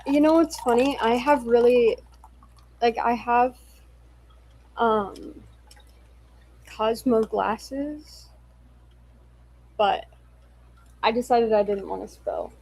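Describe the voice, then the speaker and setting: A woman's voice: a little high, takes it slowly, gravelly, pauses often, darkish tone, low-quality recording. Giggly tipsy young woman livestreaming. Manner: giggly, apologetic, swears casually. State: a little tipsy. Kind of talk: casual livestream chat reading viewer comments.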